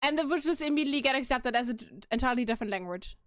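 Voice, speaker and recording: Blunt high-voiced woman with a dry close sound. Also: racing, dry recording. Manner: blunt, emphatic, animated. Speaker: podcast host. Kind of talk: casual podcast chat.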